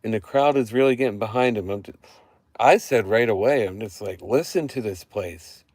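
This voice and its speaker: A man giving an excited, profane recap on a casual live stream, repeating himself as he talks into a handheld phone. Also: on the low side, fairly quick, no room sound. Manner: excited, profane fan rambling with repeated phrases. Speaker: wrestling show reviewer. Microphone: phone held in hand.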